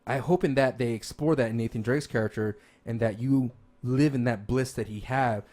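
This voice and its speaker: A man's voice: medium pitch, normal speed, a little mellow. A man co-hosting a podcast, chatting casually and enthusiastically, rambling with lots of restarts and fillers. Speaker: podcast co-host. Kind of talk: casual chat about games and movies.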